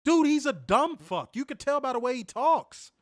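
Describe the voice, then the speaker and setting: Fiery, profane man ranting, high and animated. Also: moderate pace, no echo, studio quality. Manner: profane, fiery, repetitive rhetorical questions. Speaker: wrestling podcast co-host. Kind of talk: heated ranting commentary.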